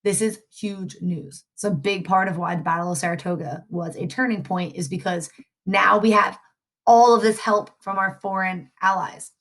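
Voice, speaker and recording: A woman's voice: medium pitch, steady tone, normal speed, a bit bright. A woman teacher from the Mid-reviewing a history lesson, chatty and often checking in with "right?". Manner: chatty, frequent tag questions.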